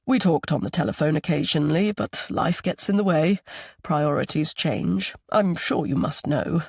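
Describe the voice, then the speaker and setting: A man voicing a kind, regretful older grandfather who speaks gently and politely. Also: on the high side, moderate pace, gravelly, breathy edge, no echo, clean studio sound. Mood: gentle.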